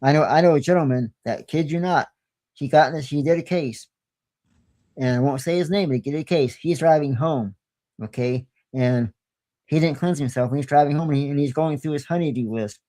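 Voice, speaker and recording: A man's voice: fairly high pitch, brisk, mellow. A man who is a guest on a paranormal podcast, telling stories in a folksy, plain-spoken way and often repeating himself. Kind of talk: casual storytelling.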